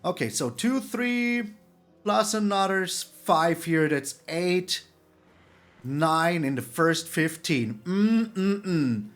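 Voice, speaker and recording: A man giving excitable gameplay commentary on a card game, exclaiming and repeating words for emphasis. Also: high voice, slow. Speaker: streamer playing a card game.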